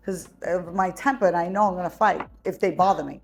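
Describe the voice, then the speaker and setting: A woman hosting a podcast, telling a story in casual chat. She is blunt and profane, and she gets loud when she is heated. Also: on the low side, brisk. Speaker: podcast host.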